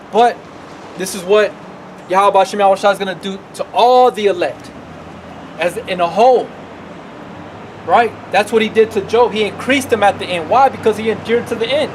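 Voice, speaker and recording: A man's voice: sits high, slight background noise, poor audio. A man preaching a sermon outdoors as a street preacher, talking emphatically and repeating himself, often tacking on "man" and "right".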